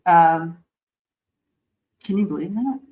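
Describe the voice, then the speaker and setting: Low-voiced reflective woman co-host. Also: animated, slow pace, phone-quality sound. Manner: reflective, thoughtful, with frequent fillers. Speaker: co-host and psychic reader. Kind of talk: casual chat.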